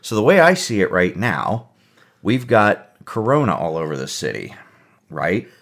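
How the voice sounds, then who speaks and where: A man co-hosting a radio music show, joking and teasing in casual banter, with a gravelly voice. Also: lowish voice, very animated, a little slow, a bit bright. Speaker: radio co-host.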